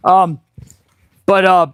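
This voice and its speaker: In a high, clean-toned voice with no echo, a middle-aged man who is an auto mechanic and channel host chats on a casual live stream from his garage while working. He rambles excitably and sometimes erupts into sudden loud outbursts.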